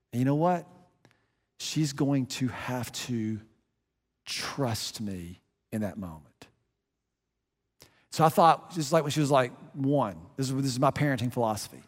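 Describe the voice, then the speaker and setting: A man's voice: medium pitch, animated, a little slow, long pauses, in a large hall. A middle-aged man preaching a sermon as a pastor, earnest and conversational, often restarting his phrases.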